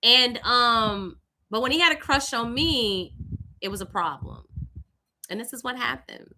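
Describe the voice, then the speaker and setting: A young woman from Louisiana with a Southern accent, hosting a live stream and telling a personal story in an animated, conversational way. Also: on the high side, measured pace, a little hiss or hum. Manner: animated, conversational, with lively voiced greetings. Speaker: host.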